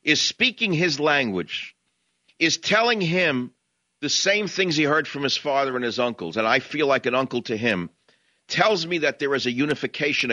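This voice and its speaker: A man's voice: medium pitch, sharp tone, no room sound, dull audio. A man from New York with a New York accent, hosting a talk radio show in an impassioned, combative way. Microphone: studio microphone, dry.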